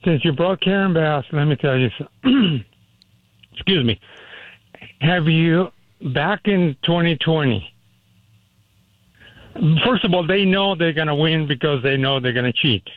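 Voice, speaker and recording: A man calls in to a radio show and rambles earnestly. His voice sits a little high, and it comes through a tinny, dry phone line. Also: unhurried, pauses often, no room sound. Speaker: caller. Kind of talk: call-in talk radio.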